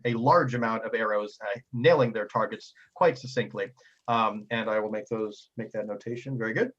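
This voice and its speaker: A man's voice: lowish voice, moderate pace, fairly bright tone, breathy edge, lo-fi sound. A man running a tabletop game as game master, narrating in a playful, jokey way. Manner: playful, jokey, acts out figures.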